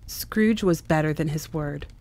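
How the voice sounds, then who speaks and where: A woman's voice: low voice, a little slow, a little mellow. A woman narrating a classic story expressively in a dramatic reading at a church event. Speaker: reader.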